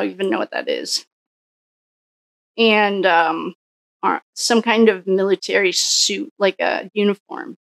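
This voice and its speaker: A woman's voice: mid-range voice, gravelly, fairly bright tone, no room sound. A woman doing a casual solo tarot reading, musing and thinking aloud with frequent restarts. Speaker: psychic tarot reader.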